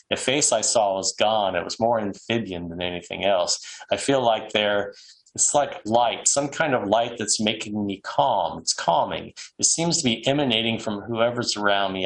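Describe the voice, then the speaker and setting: A man's voice: fairly low pitch, fairly bright tone, low-quality recording. A man casually reading quoted accounts aloud, with frequent ums and restarts. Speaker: presenter reading case accounts.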